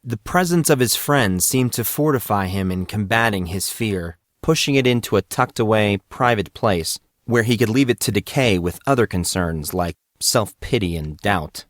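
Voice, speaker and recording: A man narrating an audiobook in a steady, measured reading voice. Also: lowish voice, dry recording, studio quality.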